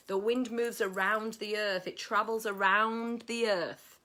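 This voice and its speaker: A woman's voice: mid-range voice, bright, forceful tone. A woman hosting a casual astrology livestream, playful and swearing, greeting viewers by name. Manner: playful, swearing, sings snatches of songs; reads viewer comments aloud.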